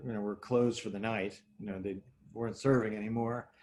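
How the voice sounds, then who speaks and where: A man telling a story as a guest over a video call, wry and theatrical, with lively asides. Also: lowish voice, a little fast. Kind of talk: anecdotal storytelling.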